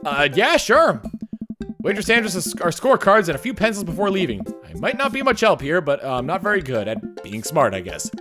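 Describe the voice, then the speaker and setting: Pitched high with huge swings, this male streamer speaks a little fast. He's playing a dating game, reading its text out loud and joking around as game music plays behind him.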